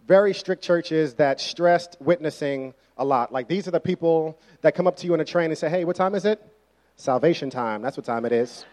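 A young adult male pastor delivering a sermon. He talks in a casual, conversational way and leans hard on his key points. His voice sits a little higher than most men's. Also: a little mellow. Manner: conversational, emphatic preaching.

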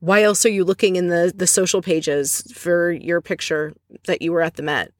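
A woman's voice: lowish voice, steady tone, no echo. Chatty woman recapping, dry close sound. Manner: chatty, opinionated, retells scenes with quick asides. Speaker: podcast host recapping a reality show. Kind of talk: casual recap commentary.

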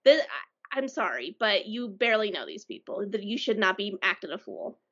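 A woman's voice: mid-range voice, sing-song, a little fast, bright, forceful tone, husky, dull audio. A woman in a casual book discussion who talks hesitantly, with restarts and dry humor.

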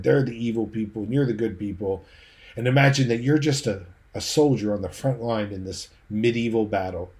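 A man's voice: fairly low pitch, darkish tone. A man preaching a sermon, leading his listeners through vividly imagined scenes.

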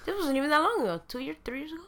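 A young man co-hosting a podcast, making teasing, deadpan crude jokes. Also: very high-pitched, very fast. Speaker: podcast co-host. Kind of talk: crude joking banter.

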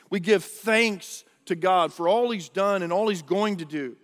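A male pastor preaches in a high, earnest voice, often restarting his phrases. His words ring out with a long echo in a large church hall. His delivery is conversational rather than polished. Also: measured pace, few pauses. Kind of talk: sermon.

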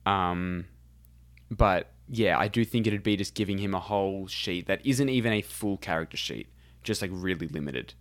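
A man's voice: sits low, normal speed, no echo. A man who runs tabletop games, chatting casually as a podcast co-host, rambling and giggling through his stories. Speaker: game master, podcast co-host.

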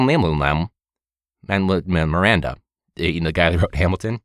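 Deep voiced teacher guy riffing casually, jokey and rambly, swears a lot, dry close mic. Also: expressive, normal speed, long pauses, no echo. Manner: rambling, joking, swears often. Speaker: teacher and podcast host. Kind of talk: casual comedic monologue.

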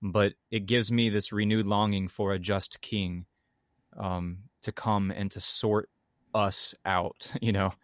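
A man co-hosts a podcast as a pastor. He sounds earnest and reflective, with some dry humor. His voice sits a little low. The sound is dry and close, with no room around it. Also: little pitch movement, slow pace, dry recording. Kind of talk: casual podcast conversation.

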